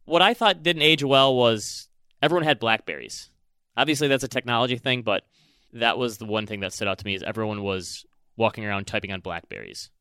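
A man's voice: mid-range voice, fairly quick, clean tone, no echo, studio quality. A man co-hosting a podcast, chatting casually and animatedly about a movie and acting out lines from it. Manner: animated, chatty, acts out quotes. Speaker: podcast co-host.

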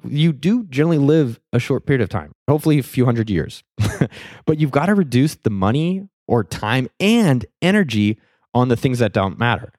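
A young adult man telling a candid, self-mocking story in a casual monologue, swearing freely and turning animated at key moments. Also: mid-range voice, normal speed, no echo, studio quality. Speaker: vlogger telling a personal money lesson.

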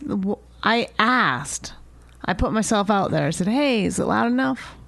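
A woman's voice: mid-range voice, expressive, unhurried, vocal fry, fairly bright tone, no room sound. Complaining woman, swearing, dry mic. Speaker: podcast co-host. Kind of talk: casual chat.

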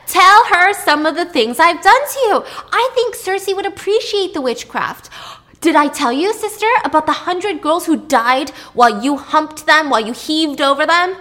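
A woman voicing a scheming, mocking queen who taunts loudly in a high voice. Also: lively intonation, moderate pace, exaggerated voice. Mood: shrill taunting. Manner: taunting, loud, high-pitched.

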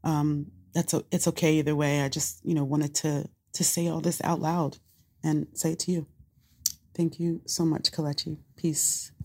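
A woman's voice: sits low, little pitch movement, normal speed, warm tone, husky. A woman sending a heartfelt, reflective voice note to a podcast host, talking earnestly and rambling a little with fillers. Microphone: phone voice note.

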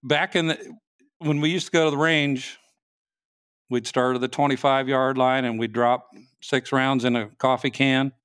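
A man's voice: mid-range voice, fairly even intonation, fairly bright tone, clean tone, no echo. Dry-sounding man recounting a story. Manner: halting, restarts sentences often. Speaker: state trooper, guest. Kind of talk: casual interview storytelling.

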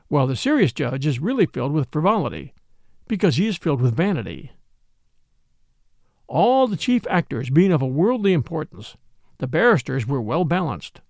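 Expressive man narrating a mystery story. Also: on the high side, a little fast, no room sound, studio quality.

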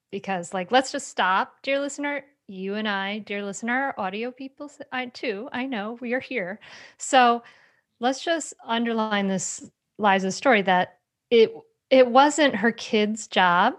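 A woman hosting a podcast interview, animated and speaking straight to her listeners. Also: on the high side, measured pace. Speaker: podcast host. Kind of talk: conversational interview.

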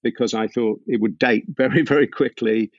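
A man being interviewed as a musician, telling stories thoughtfully with many pauses and fillers. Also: medium pitch, no room sound. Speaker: musician guest. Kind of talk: relaxed interview storytelling. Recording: dull, dry lo-fi sound.

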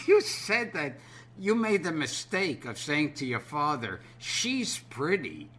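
A man hosting a podcast, asking halting, stop-start questions in casual chat. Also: on the high side, sing-song, a bit bright. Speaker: podcast host.

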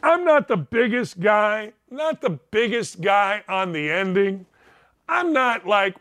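A man hosting a show from his home, speaking in a high, bright register. His casual monologue is emphatic, full of repeated lines and asides to "ladies and gentlemen." The sound is dry and close, with no room echo. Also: big pitch swings, takes it slowly. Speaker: show host.

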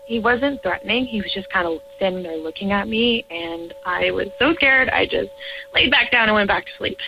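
A woman in her twenties, calling in to tell her own ghost story in an earnest, halting way with trailing restarts. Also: medium pitch, creaky. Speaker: caller sharing a ghost story. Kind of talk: personal paranormal story told to a radio show. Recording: muffled lo-fi audio with faint music.

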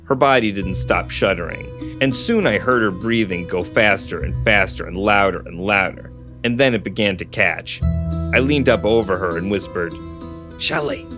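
A man with a fairly low voice reads a story aloud in a steady first-person narration, pausing for dry asides. Plucked guitar music runs clearly beneath him. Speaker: podcast host reading a novel aloud. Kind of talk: storybook reading with casual commentary.

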